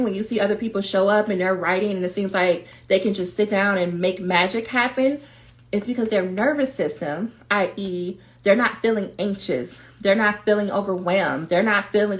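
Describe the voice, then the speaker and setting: A woman giving a livestreamed coaching talk to doctoral students, direct and animated. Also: medium pitch, normal speed. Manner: animated, direct, acts out quoted voices. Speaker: dissertation coach.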